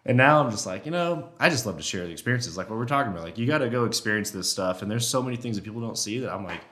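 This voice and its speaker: A man guesting on a podcast, chatting casually and telling hunting stories with lively, animated delivery. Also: very fast. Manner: animated storyteller who acts out elk talk in a high voice. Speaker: guest elk hunter and caller.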